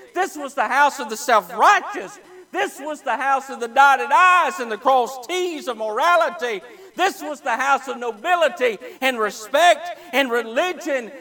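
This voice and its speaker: High-voiced man preaching a dramatic sermon. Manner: dramatic storytelling, acting out voices, swinging loud and soft. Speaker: Baptist preacher.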